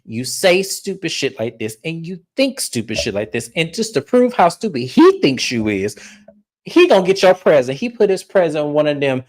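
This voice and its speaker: A woman's voice: low voice, wildly swooping pitch, normal speed, a little mellow. A woman co-hosting a casual reality TV recap, blunt and profane as she retells scenes with mimicry. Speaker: podcast co-host. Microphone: streaming setup mic.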